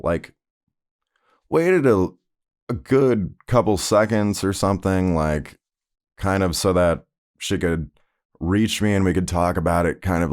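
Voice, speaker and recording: A man's voice: extremely low pitch, darkish tone. A man hosting a podcast, telling personal stories in a conversational, rambling way with lots of fillers. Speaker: podcast host.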